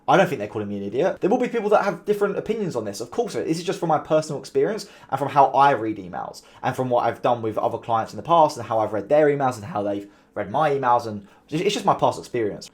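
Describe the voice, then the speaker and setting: Man, fast-paced, animated, casual advice video. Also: mid-range voice. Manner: animated, mimics sarcastic tones to make points. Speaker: call center founder giving business advice.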